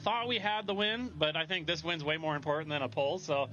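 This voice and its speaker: A man's voice: a little high, fast, pushed and bright, slight background noise. A man who just won a race, humble and grateful, talking outdoors at a race finish, heard through dull lo-fi livestream audio. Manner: humble, grateful, laughing easily. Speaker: winning race driver. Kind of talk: post-race interview.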